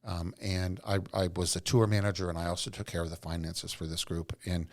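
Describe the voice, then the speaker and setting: A man's voice: sits low, little pitch movement, fairly quick, darkish tone. A middle-aged man, a podcast guest, telling earnest, rambling stories from his working life. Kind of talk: casual storytelling interview.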